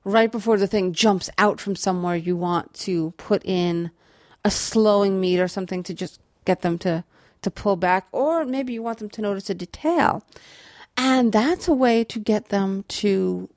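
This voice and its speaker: A woman's voice: mid-range voice, moderate pace, a little mellow, no echo, studio quality. A woman teaching writing, explaining patiently with small restarts and tapping out rhythms as she goes. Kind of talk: explanatory lecture on prose rhythm.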